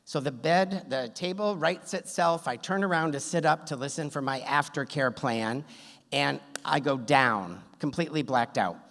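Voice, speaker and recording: A man's voice: on the high side, normal speed, a bit bright. A man telling a funny true story on stage at a story slam, wry and self-deprecating, with a good sense of timing. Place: stage in a theater hall. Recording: long hall reverb, on stage.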